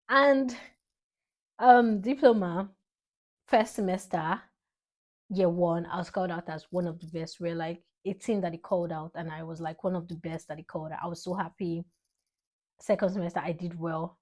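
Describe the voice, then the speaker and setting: A young woman from Nigeria with a Nigerian English accent, speaking a rambling, heartfelt tribute to her father with sudden bursts of excitement. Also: lowish voice. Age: young adult. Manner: emotional, rambling, animated spikes of excitement. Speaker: vlogger.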